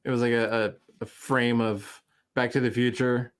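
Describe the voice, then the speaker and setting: A man co-hosting a casual live show, telling stories in a rambling, halting way. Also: medium pitch, flat delivery, smooth. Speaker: co-host.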